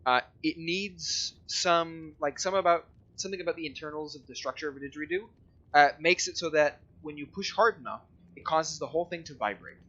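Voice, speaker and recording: Rambling male dungeon master, bright voice. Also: on the high side, fairly quick, muffled recording. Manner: rambling, hesitant, full of fillers. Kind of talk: narrating a tabletop game.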